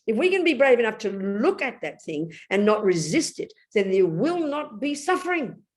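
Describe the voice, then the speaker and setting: This is a Dharma talk from an older Englishwoman, a Buddhist nun who teaches. She is blunt and spirited, her voice swooping up and down through the story, switching rapidly between soft asides and startling loud outbursts, never polished but always direct.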